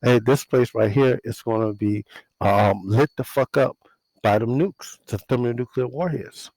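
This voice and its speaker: A man preaching casually outdoors on his porch, halting with long runs of repeated fillers and restarts in a warning tone. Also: mid-range voice, darkish tone, no room sound, poor audio. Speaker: religious video host. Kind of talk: casual street sermon.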